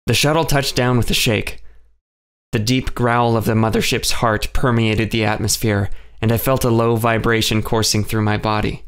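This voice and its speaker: A man narrating an audiobook in the first person. His voice is low and gravelly, and his storytelling is steady and measured.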